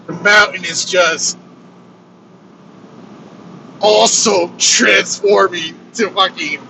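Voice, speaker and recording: A man casually telling his own story on a road trip vlog, animated and swearing freely. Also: high voice, extremely slow, creaky. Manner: animated, swears freely, acts out quoted lines. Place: inside a moving vehicle on a road trip. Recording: road noise from a moving vehicle.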